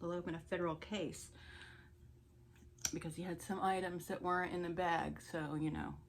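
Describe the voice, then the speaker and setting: A woman's voice: fairly low pitch, level tone, moderate pace, a little hiss or hum. A woman vlogger telling a story in a chatty, indignant way while she gets ready. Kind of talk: get-ready-with-me story time.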